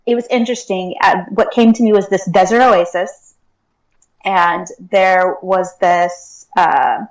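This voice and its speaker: A woman's voice: mid-range voice, steady tone, a little slow, poor audio. A woman speaking as an interview guest, talking earnestly in a casual way with many fillers like "like" and "um". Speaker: guest, akashic records reader and teacher.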